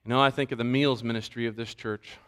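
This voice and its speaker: A man pastor preaching a sermon, animated and acting out the voices he quotes. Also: mid-range voice, quick pace, clear, resonant tone.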